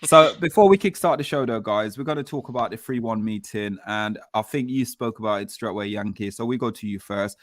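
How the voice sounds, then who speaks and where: A man hosting a casual football fan chat show, telling stories and acting out quotes with lively energy. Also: on the low side, a little fast, hardly any pauses, no room sound, studio quality. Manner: animated storytelling, acts out quotes. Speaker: podcast host.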